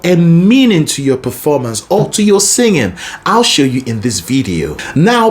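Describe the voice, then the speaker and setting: A man explains singing technique as a vocal coach, taking his time over each point. His voice rises and falls widely, and he often demonstrates as he goes. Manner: expressive, demonstrative, lively pitch. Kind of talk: singing lesson.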